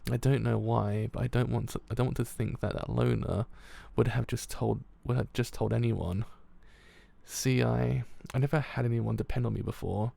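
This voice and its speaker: A man's voice: mid-range voice, fairly even intonation, normal speed, creaky, dark tone, no echo. A man voicing a clumsy, self-doubting young gem who is fretful and eager to prove itself.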